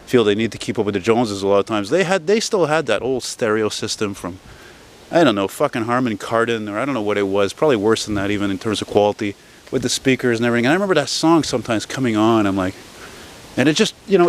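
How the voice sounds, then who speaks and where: A man's voice: medium pitch, lively intonation, fast. A man in his forties from Montreal, rambling casually and swearing now and then as he films himself walking up a city street. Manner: rambling, chatty, swears casually, many fillers. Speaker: vlogger.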